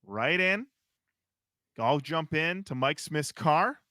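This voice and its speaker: A man co-hosting a podcast, telling a story in a lively, animated way. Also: on the high side, slow pace, no echo, studio quality. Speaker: podcast co-host. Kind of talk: casual chat.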